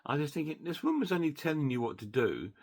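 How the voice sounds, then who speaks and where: A man's voice: fairly high pitch, very animated, fast talker, husky. A man casually recapping a film's plot, rambling with many restarts and fillers. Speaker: film reviewer.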